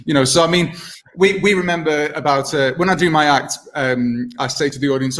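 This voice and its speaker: A man's voice: medium pitch, a little fast, fairly bright tone. Rambling British man in his thirties. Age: 30s. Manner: rambling, self-deprecating, many restarts. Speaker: guest impressionist. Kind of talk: casual video-call chat.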